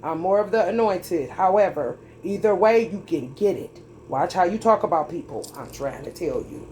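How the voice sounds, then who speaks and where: A woman's voice: on the low side, lively intonation, normal speed, hardly any pauses, mellow, a little hiss or hum. A woman giving a tarot reading in a heated, preachy and profane monologue, drawling and emphatic as she talks straight at her viewers. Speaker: tarot reader.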